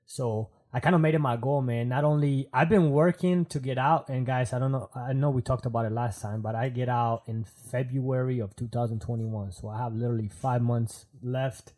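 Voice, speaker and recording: A man's voice: medium pitch, fairly even intonation, normal speed, hardly any pauses, a little mellow. A man who is a Marine, talking as a podcast guest in an earnest, reflective way, often adding "man" and "you know what I'm saying". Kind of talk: casual interview talk.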